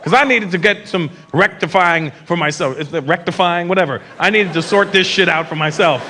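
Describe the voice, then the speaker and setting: A man's voice: sits high, fairly quick. A man in middle age performing brash live stand-up comedy on a stage mic in a large venue. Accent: Canadian. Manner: brash, puts on loud shouted voices. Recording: live venue with crowd noise. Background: audience laughter.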